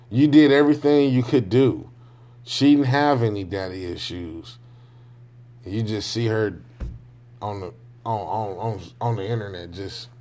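A man's voice: on the low side, a little mellow. A man talking in a loose, rambling monologue, frank and profane, often checking in with his listener. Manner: loose, rambling, often asks "you know what I'm saying"; frank and profane, with slangy speech. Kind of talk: casual monologue.

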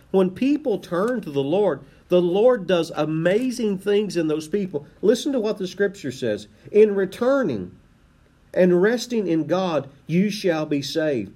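A man's voice: a little high, a little mellow. A man preaching a sermon as a pastor, impassioned and emphatic, often repeating words as he builds a point.

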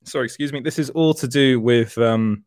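A man from Britain hosts a relaxed livestream, speaking a little fast at medium pitch with a slightly mellow tone. The recording is dry and close with no echo. He rambles, restarts his sentences, self-corrects, and laughs frequently.

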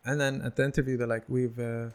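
A young man from the UAE, a guest in a casual chat, telling animated stories and acting out the people in them with laughs. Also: mid-range voice, fast talker. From United Arab Emirates. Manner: animated, acts out quoted voices, laughs often.

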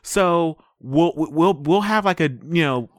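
American male co-host, higher voice, lively, interjects often. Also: no echo, studio quality. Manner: animated, quick to interject. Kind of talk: casual movie review chat.

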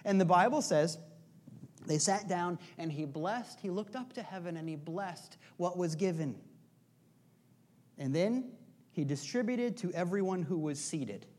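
A pastor preaching a sermon in a conversational, joking way, asking rhetorical questions again and again and sometimes dropping to a soft, hushed delivery. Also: medium pitch, animated, unhurried.

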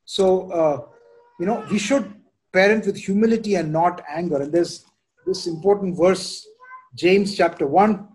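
A man's voice: sits high, unhurried, a little mellow, low-quality recording. A man teaching a group in a conversational way. He speaks candidly about his own experience and often checks in with "you know" and "right?". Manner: candid and self-reflective. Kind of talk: informal Bible teaching.

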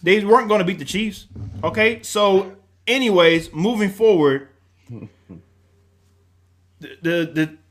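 A man co-hosting a sports talk show, passionate and emotional, breaking into loud rants. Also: high-pitched, takes it slowly, long pauses. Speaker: co-host.

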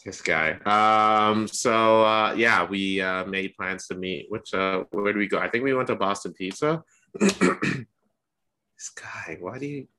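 A man co-hosting a casual podcast, telling a dating story in a rambling, animated way with lots of fillers. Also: fairly low pitch, measured pace, few pauses, clear, resonant tone. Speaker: podcast co-host.

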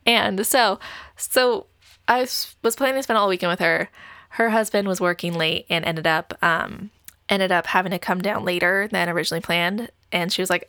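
A woman's voice: lowish voice, moderate pace, pushed and bright, dry recording, studio quality. A young adult woman casually telling a dating story, full of "like" fillers and light laughs. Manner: chatty, heavy filler use of "like", frequent light laughs.

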